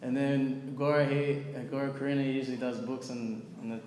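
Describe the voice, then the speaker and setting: At a scripture class, a man tells a story casually and animatedly, peppering it with "like" and "you know" and acting out its characters. His voice is mid-range and brisk, heard in an echoey hall with long reverb and faint ambient noise.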